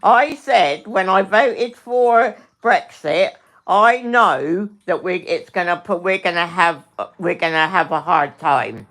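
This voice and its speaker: A woman's voice: on the low side, a bit bright. A middle-aged woman hosting a livestream, ranting angrily and swearing, often repeating herself and speaking to her chat by name. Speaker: livestream host. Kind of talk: angry livestream rant.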